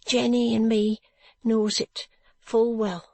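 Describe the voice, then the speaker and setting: Storybook role: woman putting on a soft, high, sorrowful poor wife. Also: flat delivery, slow, no echo. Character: poor weary brickmaker's wife, grieving. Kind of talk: audiobook narration.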